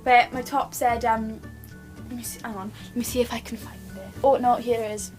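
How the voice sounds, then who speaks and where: High-voiced gushing young woman vlogger. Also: little pitch movement, fairly quick, soft background music. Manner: gushing, rambling, many restarts. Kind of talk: excited personal storytelling.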